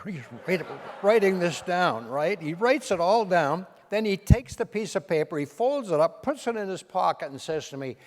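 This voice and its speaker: An older man, a comedian and impressionist, telling anecdotes to a live audience in a punchy, animated way. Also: high-pitched, moderate pace, hardly any pauses. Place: large event hall. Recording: long hall reverb.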